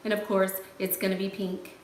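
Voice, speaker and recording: A woman's voice: medium pitch, level tone, brisk. Woman, livestream host, sassy, laughing, echoey room, faint background noise. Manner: sassy, laughing, playful slang. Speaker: host answering live chat. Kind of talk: casual livestream chat.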